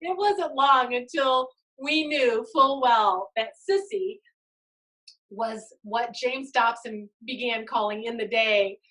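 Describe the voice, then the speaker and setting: Woman, middle-aged, podcast host, higher pitch, lively storytelling, frequent laughs, a bit off-mic. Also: takes it slowly, distant mic, rough recording. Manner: animated, laughs often, acts out quotes. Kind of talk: casual storytelling chat.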